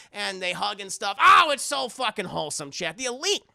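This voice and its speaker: Young male streamer, gravelly and bright, dry close mic, swears freely. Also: high-pitched, brisk, hardly any pauses, no echo. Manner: animated, profane, talking to chat. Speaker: streamer and film reviewer. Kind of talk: casual live-stream movie recap.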